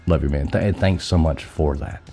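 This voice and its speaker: A man's voice: rumbling low, moderate pace, vocal fry, warm tone, soft background music. A man hosting a casual live stream, chatty and loose, swearing casually, his voice scratchy from being sick.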